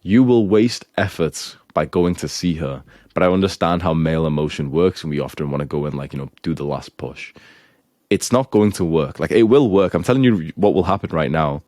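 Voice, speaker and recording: Blunt, profane young man with a low voice. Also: a little fast, darkish tone, no room sound, studio quality. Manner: crude, scolding, profane. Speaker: self-improvement advice host. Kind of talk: blunt advice monologue.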